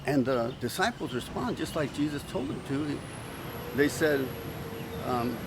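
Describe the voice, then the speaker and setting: A male pastor preaching with animated storytelling, acting out quoted voices and restarting words often. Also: mid-range voice, normal speed, background noise. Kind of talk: sermon.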